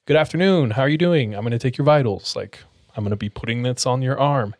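A man's voice: medium pitch, fast talker, darkish tone, no room sound, clean studio sound, natural voice. A man voicing a nervous young hospital worker who speaks in a forced, overly polite way in a recounted story. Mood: forced cheer.

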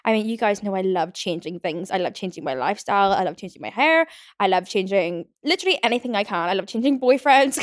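A woman's voice: mid-range voice, brisk, dry recording, clean studio sound. A young woman hosting a casual solo podcast, rambling and chatty with lots of "like". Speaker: podcast host. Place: home.

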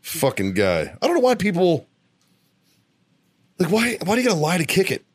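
A man's voice: high voice, normal speed, breathy edge. A man co-hosting a veterans' podcast, telling a bar story in casual chat, swearing often and laughing through it. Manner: profane, laughing, animated storyteller. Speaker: podcast co-host.

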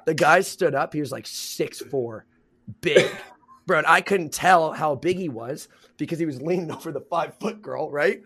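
A man's voice: on the high side, a bit bright. Rambling, slangy young man telling a story. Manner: rambling storyteller, heavy slang, laughs often. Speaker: podcast host. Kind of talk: casual chat.

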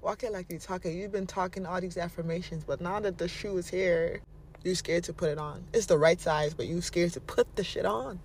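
A woman's voice: medium pitch, fairly even intonation, a little fast. A woman giving casual motivational advice, playful and laughing often, slipping into mocking voices and casual swearing. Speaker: vlogger giving manifestation advice.

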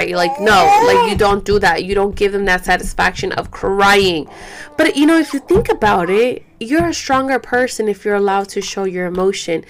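A young woman talks straight to her viewers from home, loose and candid, with plenty of filler words. Her voice sits at an ordinary middle pitch, and she drops in curses freely. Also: normal speed. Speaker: vlogger. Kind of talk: casual talk to camera. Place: home, caring for a baby.

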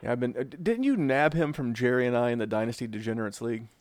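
A man hosting a casual podcast mock draft, teasing the other analysts in quick banter. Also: mid-range voice, no room sound. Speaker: host running a mock draft.

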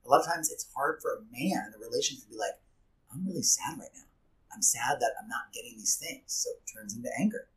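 Animated man acting out quoted speech. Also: medium pitch, fast, rough recording. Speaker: teacher and podcast host. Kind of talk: casual podcast conversation.

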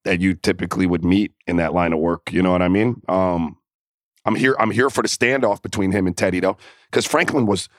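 A man's voice: low-pitched, fairly quick, no room sound, studio quality. A man co-hosting a sports podcast, talking in a laid-back, slangy casual way. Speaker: podcast co-host. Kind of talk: casual chat.

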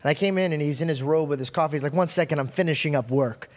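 A man hosting a podcast, chatting casually and reacting with quick jokes. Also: on the high side. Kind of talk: casual chat.

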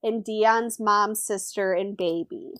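A woman's voice: medium pitch, fairly even intonation, takes it slowly, fairly bright tone, dry recording. Dry-toned woman recapping, dry close sound. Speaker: podcast co-host. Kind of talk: casual recap chat.

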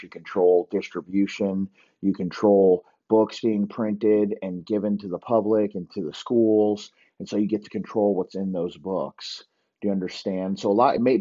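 Podcast host, male, crude rambling rant, darkish low voice, muffled home mic. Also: dark tone. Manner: crude, profane, ranting. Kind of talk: rambling comedic monologue. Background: dogs barking.

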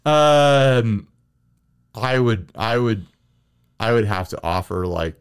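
Podcast co-host, male, animated and joking, voice swings high and low. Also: clean tone. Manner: animated, joking, quick asides. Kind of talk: casual chat.

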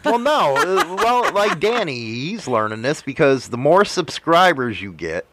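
Animated profane man hosting a podcast. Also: on the high side, measured pace, vocal fry, background noise. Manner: profane, emphatic storytelling. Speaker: podcast host and motovlogger. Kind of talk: casual chat.

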